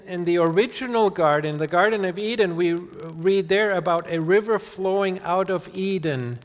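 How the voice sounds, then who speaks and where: Earnest pastor in an echoing hall. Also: male voice, fairly high pitch. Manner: earnest, repeats words and restarts often. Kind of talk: sermon. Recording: long hall reverb.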